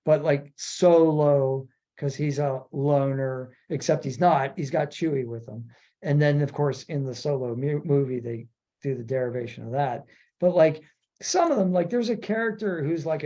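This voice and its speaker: Brief: male podcast host, casual rambling chat, lively delivery, muffled low-fidelity recording. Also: a little slow. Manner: rambling, animated, acts out quotes. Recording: dull lo-fi audio.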